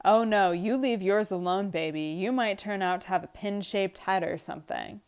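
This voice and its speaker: A woman reading aloud the lines of a bitter, frustrated young husband from a script, slightly louder than her narration. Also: mid-range voice, normal speed, clear, resonant tone, natural voice. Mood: angry, bitter. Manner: read aloud from a script, lightly acted.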